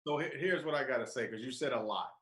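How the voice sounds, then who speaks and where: A man talks basketball on a casual podcast in a calm, laid-back, measured way. His voice has a mid pitch for a man, and the room around him is echoey. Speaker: podcast co-host. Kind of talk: casual sports talk. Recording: roomy echo.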